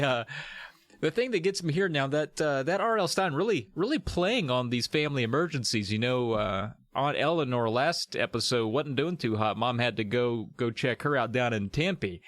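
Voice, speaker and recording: A man's voice: medium pitch, animated, normal speed, a bit bright, no echo. Playful man, dry close podcast mic. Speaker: podcast co-host. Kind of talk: casual podcast chat.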